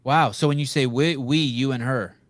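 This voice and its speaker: A man's voice: medium pitch, steady tone, moderate pace, no room sound. Blunt, foul-mouthed male podcast host. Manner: blunt, profane, rambling. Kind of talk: casual interview chat.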